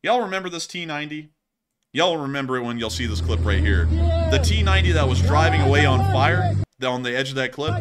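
A young man hosting a casual war news commentary, animated and jokey. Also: mid-range voice, slight background noise. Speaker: host.

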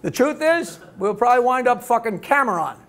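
A man running a live comedy club show, swapping brash jokes with the crowd into a handheld stage mic. His voice sits very high and bounces all over, with a bright, forceful edge. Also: lively intonation, a little fast, slight background noise. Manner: brash, joke-telling, laughing often. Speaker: comedy host. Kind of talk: live stand-up banter.

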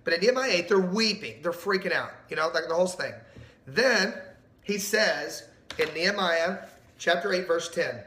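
A middle-aged man preaching a sermon, animated and emphatic, asking the audience questions. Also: high voice, moderate pace, echoey room. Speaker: pastor.

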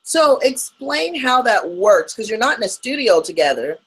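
A woman's voice: a little high, very animated, normal speed, slight background noise, low-quality recording. A woman co-hosting a podcast interview, playful and laughing a lot. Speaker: podcast co-host. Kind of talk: casual interview chat.

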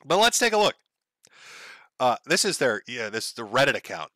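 Lively, bright-voiced sarcastic man. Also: mid-range voice, normal speed, no echo. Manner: sarcastic, crude and profane. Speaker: show host. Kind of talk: mocking commentary on online posts.

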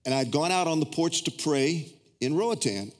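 A middle-aged man, a pastor preaching a sermon who tells personal stories and leaps into high, excited voices when acting out his prayers. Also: moderate pace. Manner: storytelling, swings into high excited acted-out prayers. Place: large church auditorium. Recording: reverberant hall.

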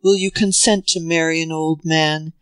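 A reader voicing an old Southern gentleman who speaks gravely and earnestly, in a steady middle pitch. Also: moderate pace, dry recording, lightly acted, low-quality recording.

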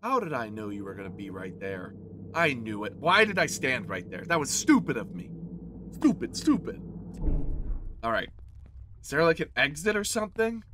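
A man's voice: medium pitch, sing-song, brisk, pushed and bright, slight background noise. A man hosting a horror game let's play, joking with the enemy and yelping whenever he gets hit. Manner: jokey, talks to the enemy, yelps when hit. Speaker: gaming channel host.

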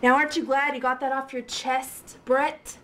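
A woman's voice: high-pitched, level tone, normal speed, fairly bright tone, slight background noise. A woman playing a theatrical, melodramatic actress with a gushing delivery in an indie comedy. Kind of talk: indie comedy drama acting.

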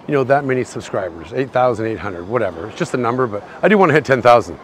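A mid-range, sing-song voice comes from a fast-talking man with a Canadian accent, heard over slight background noise. He's a Canadian hosting a live-streamed walking tour of an outdoor city shopping street, a bit tipsy and rambling chattily to chat viewers as he walks.

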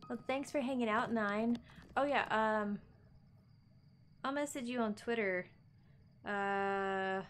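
A woman's voice: fairly high pitch, takes it slowly, pauses often, a little hiss or hum. A woman streamer chatting casually with viewers while she plays, laughing often and cooing at her pet. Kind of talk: casual live-stream chat.

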